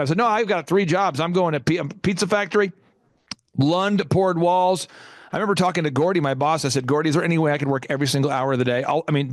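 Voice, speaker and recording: A middle-aged man hosting a business show, telling a motivational story in an animated way and acting out the people in it. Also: on the high side, no room sound, studio quality. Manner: animated, acts out voices in his stories. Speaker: host.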